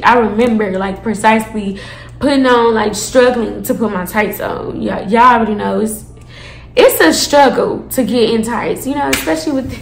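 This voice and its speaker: A young woman in her twenties tells a story to her viewers in a lively, dramatic style, swearing freely. Her voice is high and bright. The room gives it a noticeable echo. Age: 20s. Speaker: storytime vlogger. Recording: echoey room.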